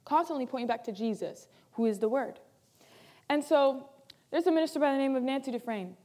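High-voiced woman pastor preaching. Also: fairly quick. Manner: emphatic preaching, repeats key phrases, swings between loud and soft. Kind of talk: sermon.

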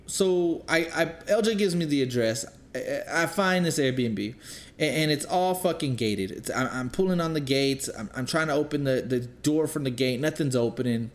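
A man's voice: fairly high pitch, moderate pace. A man telling a story in casual chat, cursing freely and repeating words as he gets worked up. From Texas. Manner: profane, animated storyteller, repeats words when excited.

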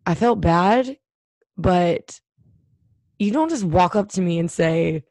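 A woman's voice: fairly low pitch, animated, slow, a little mellow, dry recording. A woman co-hosting a podcast, telling a story in a loose, chatty way with lots of fillers. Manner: chatty storyteller, frequent "like" and laughs. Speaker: podcast co-host. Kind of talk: casual chat.

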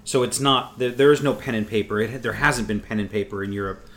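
A man's voice: fairly low pitch, brisk, fairly bright tone. A man chatting casually as a co-host, rambling and swearing freely with frequent restarts. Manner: rambling, profane, restarts often. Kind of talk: casual chat.

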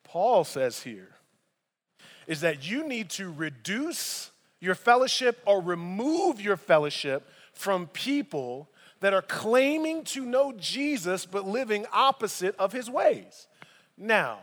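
A man preaching a sermon as pastor, animated and conversational, with frequent asides to the congregation. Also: high-pitched, unhurried, in a large hall. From United States.

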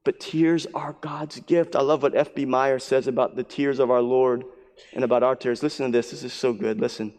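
A man preaching a sermon as pastor, earnest, repeating his phrases and dropping to a hushed voice for emphasis. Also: mid-range voice, fairly even intonation, moderate pace. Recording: long hall reverb.

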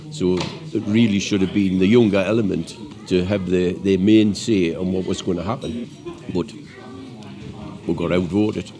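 Older man, 70s, low mellow voice, plainspoken opinionated pensioner. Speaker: pensioner interviewee. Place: outdoors on a misty hill pass.

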